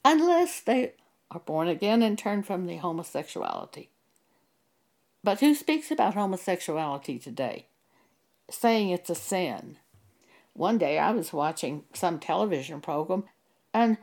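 Slow, emphatic woman preaching a sermon. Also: mid-range voice, creaky, darkish tone. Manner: slow, deliberate and emphatic, citing scripture verses.

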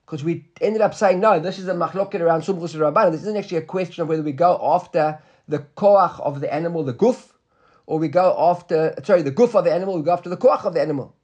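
A man's voice: on the high side, fast, a little mellow, slightly rough, muffled recording. A man teaching a Talmud class, explaining step by step and often checking with "right?", mixing English with Hebrew and Aramaic terms.

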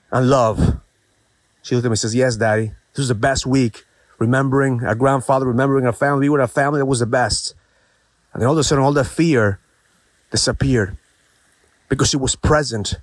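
A man's voice: mid-range voice, dry recording. A middle-aged man hosting a daily inspirational talk, telling a personal story in an earnest, reflective way with many rhetorical questions.

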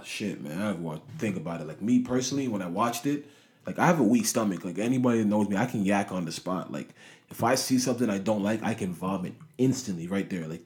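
A man giving a casual, animated monologue about basketball, swearing often and saying "you know what I mean" a lot. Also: on the low side. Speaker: sports commentator. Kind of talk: casual sports talk monologue.

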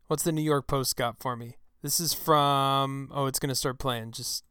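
A man hosting his own talk show, delivering an angry, profane political rant into a close microphone, with shouted outbursts. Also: medium pitch, fairly even intonation, moderate pace, clean tone, no room sound. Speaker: show host. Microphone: close studio mic.

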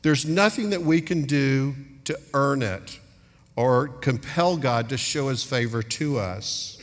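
A man's voice: mid-range voice, takes it slowly. A middle-aged man preaching a sermon earnestly, acting out little dialogues as he speaks. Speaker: pastor. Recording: long hall reverb.

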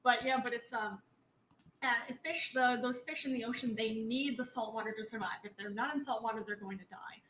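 A woman co-hosting a casual chat, agreeable and quick to chime in. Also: a little high, fairly bright tone, a little hiss or hum, poor audio.

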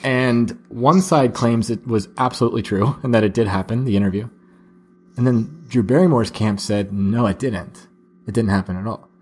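A man's voice: mid-range voice, moderate pace, darkish tone, husky. A man hosting a casual podcast chat, rambling and restarting as he explains a news story to his co-hosts. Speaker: podcast host.

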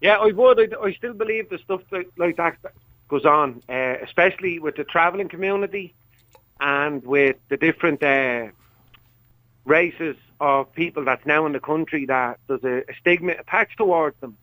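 A man's voice: a little high, moderate pace, bright, forceful tone, no room sound, rough recording. A man with a Dublin accent calling in to a radio show, frank and easygoing, speaking with a laugh. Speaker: radio caller. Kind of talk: casual phone-in chat.

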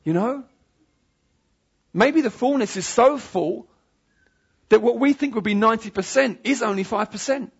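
A man's voice: very high-pitched, normal speed, vocal fry, long pauses, slightly rough. A man preaching a sermon, emphatic and pleading, repeating his phrases for weight. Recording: dull lo-fi sound.

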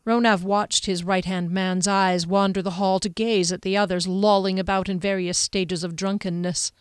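A woman narrating a fantasy novel in a steady storytelling manner. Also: medium pitch, normal speed, clean tone, no echo, clean studio sound. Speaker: audiobook narrator. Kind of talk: scripted narration.

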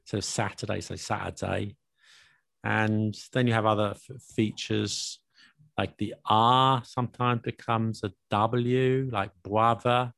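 A low-pitched man, talking in a relaxed, explanatory way. His voice has a gravelly edge. The recording is dry and close. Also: measured pace, dry recording. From England, north London area. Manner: explanatory, chatty, laughs often. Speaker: language video maker discussing accents. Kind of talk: casual conversational chat.

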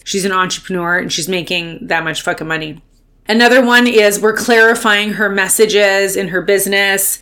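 A woman's voice: medium pitch, fairly bright tone. A woman hosting her own podcast, giving a fired-up, profane motivational pep talk as a speaking coach.

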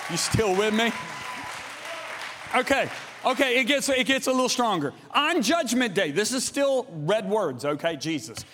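A middle-aged man preaching a sermon, emphatic and theatrical, jumping from shouts to hushed asides. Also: high-pitched, animated, normal speed, long reverb tail, a faint crowd.

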